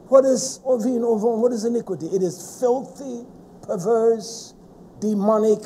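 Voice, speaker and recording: Man, preacher, sermon, high pitch, dramatic, repetitive. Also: animated, unhurried, slightly rough. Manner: dramatic, repetitive, rising to shouts.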